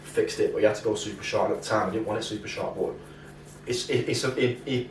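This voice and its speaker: A man's voice: on the low side, fairly even intonation, quick pace, slight background noise. A young man, co-hosting a podcast and telling anecdotes in a casual, swearing way. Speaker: podcast co-host. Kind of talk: casual chat. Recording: roomy, mic at a distance.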